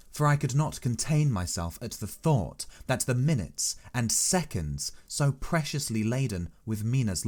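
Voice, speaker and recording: A man narrating a classic novel in the first person, with steady, deliberate storytelling. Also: mid-range voice. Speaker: audiobook narrator.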